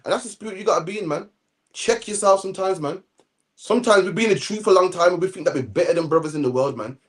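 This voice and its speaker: Man, Bible teacher, slangy casual commentary, high voice, fast talking. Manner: animated, slangy, repeats "man" constantly.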